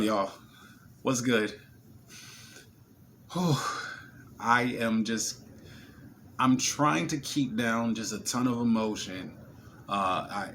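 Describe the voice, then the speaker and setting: A young man from New Jersey talking casually to camera in a video diary, slangy and excitable, his voice strained from screaming. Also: fairly low pitch, slight background noise. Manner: excitable, slangy, repeats words when worked up. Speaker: vlogger.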